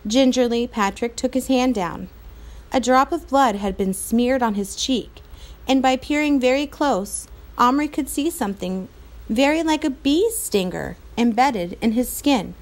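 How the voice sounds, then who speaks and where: A woman with a fairly high voice reads a children's novel aloud. She tells the story clearly and expressively, at an even pace. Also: measured pace. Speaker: reader.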